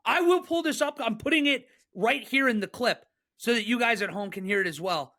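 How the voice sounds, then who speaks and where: A man co-hosting a sports podcast, ranting and joking in a casual, excitable way. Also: sits high. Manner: excitable, joking, fast rants. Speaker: podcast co-host.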